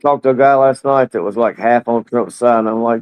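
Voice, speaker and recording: A man's voice: mid-range voice, a little fast, a little mellow, clear, resonant tone, rough recording. A man on a livestream panel telling a casual anecdote in a laid-back way. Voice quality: laid-back storyteller, laughs often.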